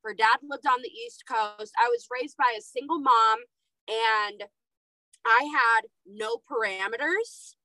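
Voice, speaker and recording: A woman's voice: a little high, measured pace, no echo, rough recording. A young adult woman hosting a podcast, telling candid stories about parenting in casual chat. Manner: animated storytelling, candid. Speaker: podcast host.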